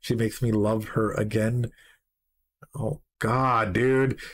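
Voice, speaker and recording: A man streaming a live reaction, reading song lyrics aloud and excitedly greeting his chat. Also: on the low side, slow. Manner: excitable, swears, greets chat members mid-sentence.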